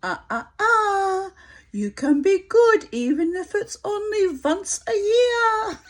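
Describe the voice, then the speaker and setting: A woman's voice: very high-pitched, animated, takes it slowly, voice pushed up, full character voice. A woman voicing her own Jewish soul as a teasing, scolding female figure with a German accent. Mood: scolding, amused. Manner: wagging, scolding tone with a laugh.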